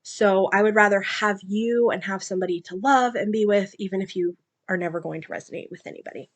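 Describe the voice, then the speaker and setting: An adult woman, a mother and book reviewer, chats casually about books she's read, retelling plots in a loose, rambling style. She talks fast at a middle pitch, personal and conversational, with plenty of fillers and asides.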